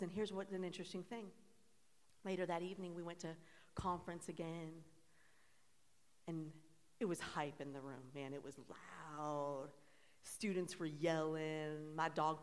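A woman pastor preaching a sermon, animated and conversational, asking the congregation call-and-response questions. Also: deep voice. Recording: long reverb in a church hall.

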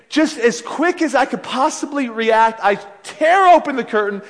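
A man preaching a sermon as a pastor, telling stories in an animated way with frequent restarts. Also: very high voice, moderate pace. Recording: long reverb of a large hall.

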